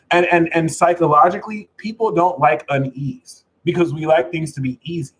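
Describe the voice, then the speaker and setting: Male astrology streamer, high-pitched, animated, cussing, jokey. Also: poor audio. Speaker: astrology reader. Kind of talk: live astrology stream talk.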